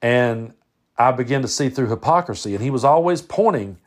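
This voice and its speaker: A man's voice: medium pitch, expressive, fairly quick. A middle-aged man from Tennessee with a Southern accent, hosting a podcast and telling a personal story in a folksy, plainspoken way with frequent restarts. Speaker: podcast host.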